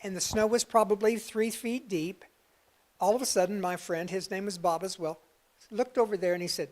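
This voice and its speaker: A man giving a talk as a guest speaker, telling a personal story with lively swings between loud bursts and hushed passages. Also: high voice, normal speed.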